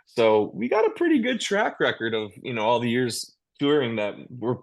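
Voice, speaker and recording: A man's voice: mid-range voice, wildly swooping pitch, moderate pace, creaky. A man, a touring metal musician, talking casually in an interview over a video call, rambling with restarts and easy laughs. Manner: laid-back, rambling with many restarts and laughs.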